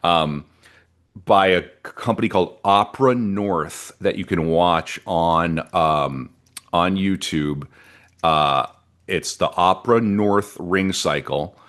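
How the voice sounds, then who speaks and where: Deep-voiced man chatting history. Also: takes it slowly, fairly bright tone. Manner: chatty and rambling, reads from notes, breaks off into asides. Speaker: podcast co-host presenting the history. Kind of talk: casual history podcast narration.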